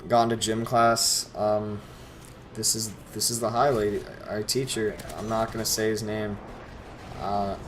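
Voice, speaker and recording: A teenage boy rambles through a story over a game, sarcastic and quick to swear. His voice sits on the low side. A faint hum runs behind him. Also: monotone. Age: teens. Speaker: gameplay commentator. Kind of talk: casual storytelling over gameplay.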